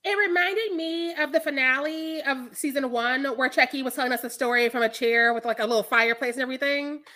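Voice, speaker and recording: Woman co-host, high bright voice, lively casual chat, laughs a lot. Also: a little fast. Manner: animated, laughing often. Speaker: podcast co-host.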